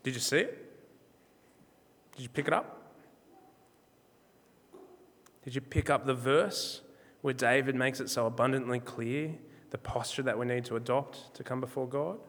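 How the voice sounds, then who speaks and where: A man preaching a sermon in a measured, emphatic way, slowing down on key words. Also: medium pitch, a bit bright, in a large hall. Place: church.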